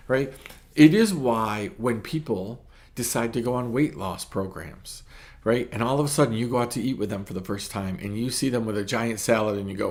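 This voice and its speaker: A man's voice: fairly low pitch, moderate pace, darkish tone. A middle-aged man preaching a short sermon in a conversational teaching style, often checking in with "right?". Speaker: pastor.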